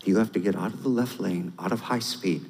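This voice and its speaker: A man's voice: sits low, a little fast, gravelly, darkish tone, slightly rough. Man preaching in a reverberant hall. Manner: conversational preaching, rising to emphatic. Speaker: pastor. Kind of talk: sermon.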